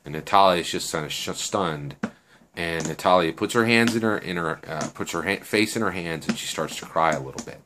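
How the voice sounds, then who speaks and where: A man's voice: low voice, brisk, noisy background. A man telling a story casually, chatty and full of fillers and tag questions.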